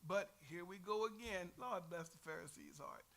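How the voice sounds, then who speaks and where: A man's voice: sits high, normal speed, gravelly, a bit bright. A middle-aged man with a Texan accent teaching a Sunday Bible class in a folksy, earnest way, teasing his class now and then.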